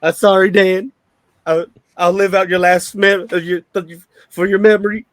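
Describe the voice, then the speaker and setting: A man's voice: on the high side, steady tone, moderate pace, a bit bright, no room sound. A man voicing a frightened, bruised young man who stutters and sobs. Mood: shaken. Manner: stuttering, shaky, sobbing pleas.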